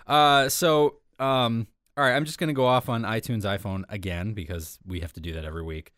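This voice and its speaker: A man's voice: fairly low pitch, steady tone, fairly quick, fairly bright tone, no echo, studio quality. A man co-hosting a casual tech podcast, chatting in a rambling, self-correcting way. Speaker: podcast co-host.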